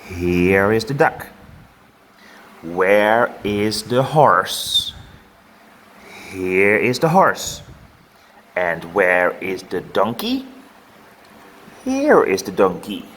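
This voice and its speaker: A man teaching farm animal names to young learners, saying each word slowly and repeating it for them to copy. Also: lowish voice, big pitch swings, a bit bright, a little hiss or hum. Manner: slow, drawn-out word modelling with repeated words. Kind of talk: children's vocabulary lesson.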